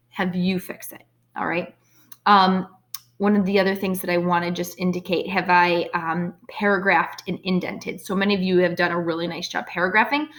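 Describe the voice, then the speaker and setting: A woman's voice: medium pitch, fairly bright tone. A woman teacher recording an online writing lesson for her class, speaking patiently and encouragingly with frequent ums and okays.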